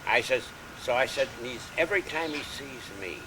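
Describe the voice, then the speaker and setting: An older man telling a long, animated anecdote during a casual home visit. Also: medium pitch, moderate pace. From United States. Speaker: storyteller. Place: house in a city neighborhood. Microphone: camcorder mic. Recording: noisy home video with street sounds.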